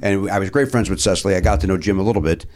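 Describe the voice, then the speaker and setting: A man's voice: deep voice, rapid-fire, darkish tone. A man hosting a casual conversation, chatting with fillers and hesitations. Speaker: podcast host. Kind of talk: casual chat.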